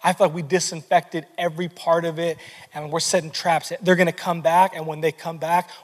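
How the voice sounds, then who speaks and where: High-voiced man preaching in echoing hall. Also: brisk. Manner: energetic, conversational preaching with many repeated words. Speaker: pastor. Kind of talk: sermon. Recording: long hall reverb.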